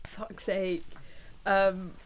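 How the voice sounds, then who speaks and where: A woman in her late twenties chats on a podcast with a congested, stuffy voice. She rambles freely, leans on "like" and breaks into laughter often, at a middling pitch. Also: flat delivery, extremely slow. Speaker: podcast co-host. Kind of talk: casual chat.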